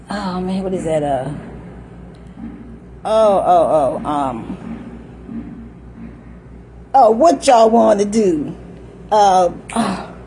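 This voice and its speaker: A woman's voice: mid-range voice, warm tone, slight background noise, low-quality recording. An older woman talking in a rambling, chatty monologue, often laughing and acting out little voices. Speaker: vlogger.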